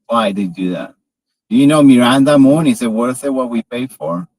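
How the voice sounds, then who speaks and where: A man streaming live from his car asks playful questions in a halting, casual way. His voice sits at a middle pitch, and the sound is close and dry with no room around it. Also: a little mellow, no room sound. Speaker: live-stream host driving. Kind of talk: casual chat.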